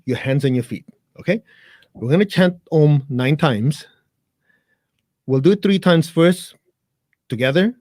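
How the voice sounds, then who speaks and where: Appearing as a guest on a live interview, this meditation teacher talks straight to his audience, joking and blunt as he explains things simply, then guides everyone in a chant. His voice is fairly high and a bit mellow, captured at studio quality without echo.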